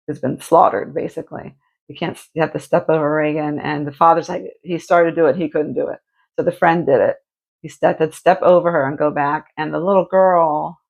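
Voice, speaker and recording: A woman's voice: deep voice, vocal fry, highs cut off. A woman streamer in casual chat, retelling a true crime story in a rambling way with many restarts and fillers.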